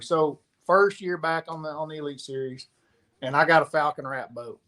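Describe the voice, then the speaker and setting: A man's voice: fairly high pitch, normal speed. A man, a professional angler, telling a story in casual chat and acting out the dialogue as he goes. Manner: animated storyteller, acts out quoted dialogue. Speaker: pro angler guest.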